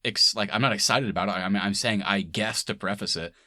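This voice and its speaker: A man's voice: lowish voice, fast, pushed and bright, no echo, studio quality. A man co-hosting a casual movie-review podcast, laughing often and swearing freely as he chats. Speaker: podcast co-host.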